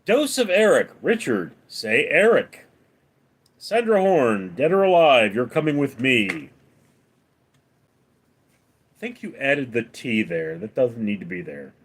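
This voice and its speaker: A man hosting a late-night live stream, reading viewer comments aloud and answering them with deadpan one-liners. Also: medium pitch, takes it slowly, long pauses, slightly rough. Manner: deadpan quips between read-out comments. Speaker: livestream host reading chat.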